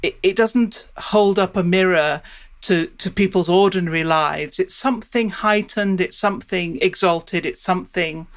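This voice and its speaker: A woman professor of Shakespeare studies explains things in an interview, thinking aloud and frequently stopping to restart her sentences. Her voice is fairly low, and she speaks at a moderate pace.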